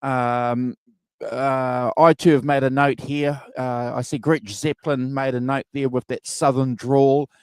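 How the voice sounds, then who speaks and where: A man's voice: mid-range voice, flat delivery, a little slow, darkish tone, smooth, no room sound. A man hosts a casual music review chat over a video call, rambling and full of fillers and restarts. His voice sits in a middle range and sounds dry, with no room around it. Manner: rambling, filler-heavy, enthusiastic. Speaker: podcast co-host.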